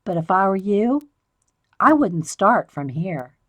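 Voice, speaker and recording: A man's voice: high-pitched, sing-song, takes it slowly, sharp tone, no echo, pitched below the performer's own voice, full character voice. A sly little country man rambles through directions in a raised, folksy voice, put on by a woman reading aloud. He sounds pleased with his own riddle. The recording is close and dry.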